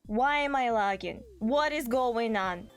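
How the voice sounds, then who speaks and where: Shrieky high-pitched woman streamer, faint music. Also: measured pace, clean tone. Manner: shrieking, laughing, frantic repetition. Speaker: VTuber streamer. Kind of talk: excited live-stream chat. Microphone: desk microphone.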